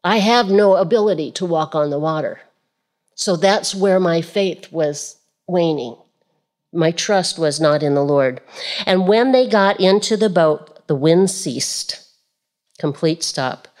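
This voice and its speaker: A woman's voice: on the low side, darkish tone. A woman preaching a sermon, reading scripture aloud and repeating key phrases with rhetorical questions to the listeners.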